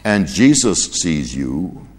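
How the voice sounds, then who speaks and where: A man voicing a solemn talking parrot that speaks in a slow, drawn-out warning, in a hall with long reverb. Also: deep voice, big pitch swings, pitched below the performer's own voice, heavily acted. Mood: ominous.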